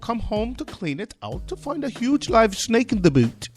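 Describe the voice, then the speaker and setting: A man voicing a flustered young woman in a high falsetto. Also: big pitch swings, normal speed, soft background music. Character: young woman upset by a snake.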